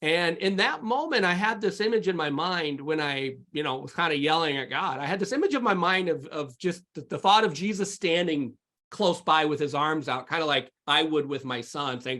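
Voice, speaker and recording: A man's voice: fairly high pitch, normal speed, bright, forceful tone. A man who is a podcast guest, telling his personal faith testimony in a candid, rambling way with many fillers and restarts. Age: adult with sons.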